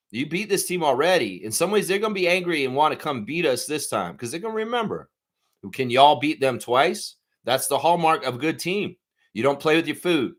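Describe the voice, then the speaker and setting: A man's voice: a little high, fairly bright tone. A man hosting a live fan preview show, talking in a heated, profane ranting way. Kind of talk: live sports preview chat.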